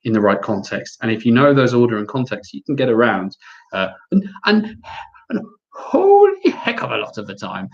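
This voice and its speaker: A man with an English accent answering viewer questions in a lively, chatty live Q&A, reading each question aloud before answering. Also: medium pitch, moderate pace, gravelly, dull audio. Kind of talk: casual live Q&A.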